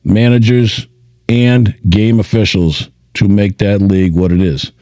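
Male host, deep and mellow, dry close sound, explanatory. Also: steady tone, measured pace, no echo. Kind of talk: casual chat.

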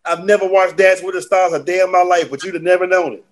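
A man's voice: sits high, steady tone, quick pace. A man co-hosting a radio talk show, casual and emphatic. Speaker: radio co-host.

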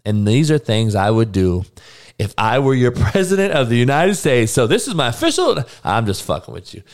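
A podcast host with a medium-pitched voice and vocal fry rants casually and profanely to his audience, breaking into frequent laughing asides.

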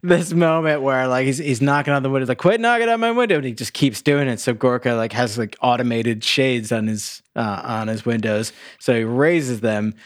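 A man's voice: mid-range voice, fairly even intonation, normal speed, hardly any pauses, dry recording, studio quality. Chatty man co-hosting a film podcast. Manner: chatty, laughs while retelling scenes. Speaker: podcast co-host. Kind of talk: casual movie review chat.

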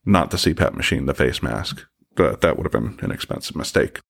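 A man's voice: a bass voice, big pitch swings, brisk, gravelly, fairly bright tone, slightly rough. A middle-aged man hosting a podcast, telling a personal story in a candid, joking way and swearing freely. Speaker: podcast host.

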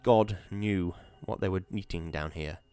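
A man reading an audiobook in a measured, atmospheric storytelling manner. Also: low-pitched, dark tone, clear, resonant tone, soft background music. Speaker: narrator. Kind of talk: audiobook narration.

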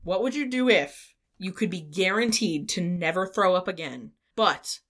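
A woman's voice: fairly low pitch, animated, normal speed, a bit bright. Blunt, teasing young woman cohost. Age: young adult. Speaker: podcast cohost. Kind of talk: casual chat.

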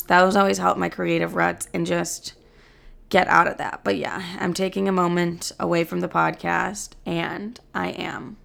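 A woman's voice: fairly low pitch, a bit bright. A young woman in her twenties hosting a casual solo podcast, candid and self-deprecating, swearing freely. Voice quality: gravelly vocal fry. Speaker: podcast host. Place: New York City.

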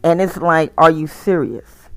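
A man's voice: fairly high pitch, steady tone, unhurried, no echo, faint music behind. Tired male vlogger with a dry, close sound, chatting informally and drifting through his thoughts. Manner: rambling, frequent restarts and repeats. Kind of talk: casual monologue to camera.

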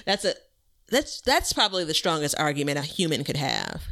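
A woman's voice: low voice, huge pitch swings, brisk, pushed and bright. A woman hosting a gardening podcast, chatty and laughing often as she explains tips. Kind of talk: casual chat.

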